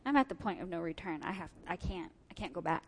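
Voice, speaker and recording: A woman's voice: lowish voice, expressive, quick pace, slight background noise. Woman telling a story in a reverberant hall. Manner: vivid storyteller who acts out what people said. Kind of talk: personal story told to an audience.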